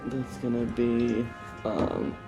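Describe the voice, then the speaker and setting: A man's voice: mid-range voice, takes it slowly, creaky, music in the background. A man playing a tabletop game, chatting casually. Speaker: player.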